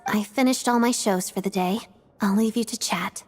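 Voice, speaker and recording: A woman's voice: medium pitch, normal speed, darkish tone, breathy edge, faint music behind, lightly acted. A woman voicing a reserved, proud young female performer in a video game, curt and formal. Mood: aloof. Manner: cool, curt, sighing, formal.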